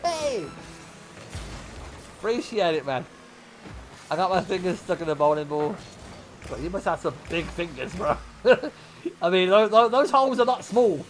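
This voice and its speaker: Lively man telling a story. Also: high-pitched, a little slow, long pauses, a little hiss or hum. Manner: animated, profane, laughs often, talks to chat. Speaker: streamer. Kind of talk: casual live-stream chat and storytelling.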